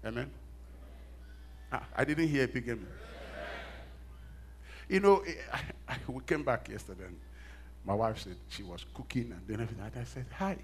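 A middle-aged man preaching a sermon, telling stories with self-mocking laughs and swinging from hushed asides to loud emphatic bursts. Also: mid-range voice, lively intonation, normal speed, pauses often, slight background noise. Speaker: pastor.

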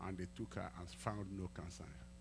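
A male pastor preaching a sermon, telling a testimony and acting out the dialogue, swinging from quiet asides to loud emphatic peaks. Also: deep voice, fast, vocal fry, background noise. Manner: acts out quoted dialogue in storytelling.

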